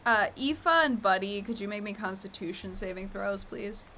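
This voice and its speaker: A woman's voice: medium pitch, normal speed, bright, forceful tone, slight background noise. A woman running a live tabletop game as game master, narrating in an easygoing way with frequent laughs and fillers.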